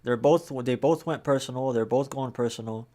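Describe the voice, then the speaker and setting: Man, stream host, mid-pitched voice, relaxed chatty commentary, casual fillers. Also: normal speed. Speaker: reaction channel host.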